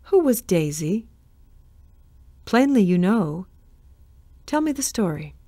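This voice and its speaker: A wry, earnest young office man , as a woman narrator puts him on, calm and lightly teasing. Dry, close voice that keeps an even tone. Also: mid-range voice, slow, no echo, full character voice.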